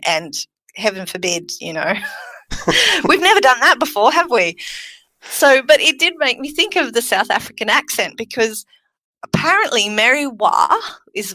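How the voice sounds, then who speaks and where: Chatty, bright-voiced woman. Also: medium pitch, dry recording. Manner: chatty, giggly. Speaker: podcast co-host. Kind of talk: casual chat.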